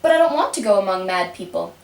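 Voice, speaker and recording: Eager young puppet girl voiced by a woman, high lively pitch, distant echoey recording. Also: fast, vocal fry. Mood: polite. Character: polite curious young girl, earnest. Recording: roomy, mic set far off.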